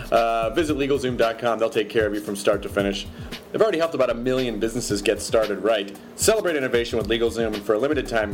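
Man, podcast host, jokey asides, ad reads, faint music behind. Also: medium pitch. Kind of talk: reading ads and introducing the episode.

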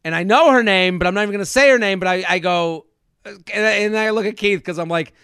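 A man's voice: high-pitched, fast, clean tone, no room sound, studio quality. A man hosting a comedy podcast, telling stories animatedly and acting out quotes. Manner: animated storyteller, acts out quotes. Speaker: podcast host.

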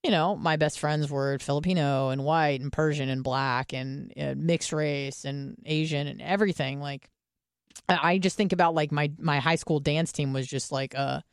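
A woman's voice: deep voice, steady tone, moderate pace, clean tone, no room sound, clean studio sound. A young woman co-hosting a podcast, chatting casually, rambling and swearing with lots of fillers. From United States. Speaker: podcast co-host. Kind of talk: casual chat.

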